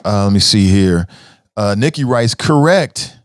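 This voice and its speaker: A man's voice: on the low side, unhurried, no room sound. Conversational male host, dry close sound. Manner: conversational, reads viewer comments aloud, often starts with "uh"; animated, stressing words as he argues points. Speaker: talk show host. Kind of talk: casual livestream commentary.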